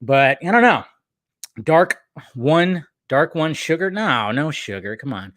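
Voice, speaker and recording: A man's voice: a little high, big pitch swings, a little slow, fairly bright tone, no echo, studio quality. A man hosting a film news live stream, chatting casually and rambling as he reads out viewer comments, with loose, profane talk.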